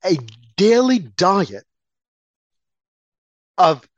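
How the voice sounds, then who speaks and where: Very slow yet very animated, a medium-pitched political commentator pours out an impassioned monologue, repeating phrases, asking rhetorical questions, and mocking opponents in quoted asides. It's a dry, slightly dull lo-fi recording.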